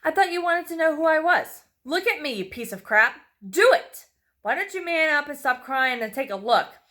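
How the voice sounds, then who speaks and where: A woman's voice: mid-range voice, lively intonation, moderate pace, fairly bright tone, lightly acted. A woman voicing a sadistic male captor who taunts and threatens his prisoner in a horror story reading. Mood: taunting. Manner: taunting, menacing, mocking. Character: sadistic mocking male captor, cruel and calm.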